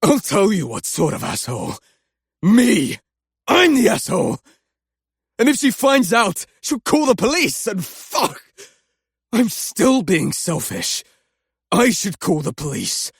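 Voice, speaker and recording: A man's voice: fairly high pitch, gravelly, breathy edge, no echo, clean studio sound, full character voice. An actor playing an anguished young male doctor, ranting in guilt and swearing at himself in an audiobook. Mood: self-loathing. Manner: swearing outbursts, self-loathing rants. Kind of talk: audiobook character acting.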